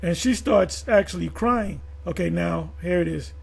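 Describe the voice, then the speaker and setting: A man with a high-set, gravelly and husky voice talks through a loose commentary monologue. He wanders, restarts sentences and leans on fillers as he goes. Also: normal speed. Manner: rambling, with frequent restarts and fillers. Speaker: video commentator.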